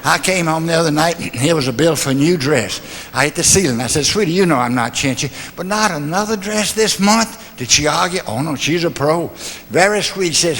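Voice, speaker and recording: A man's voice: a little high, brisk, fairly bright tone. Older man telling folksy stories in a hall. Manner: homespun humor, rhetorical questions, confiding asides. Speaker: motivational speaker. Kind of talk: folksy speech with stories and jokes. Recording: long hall reverb.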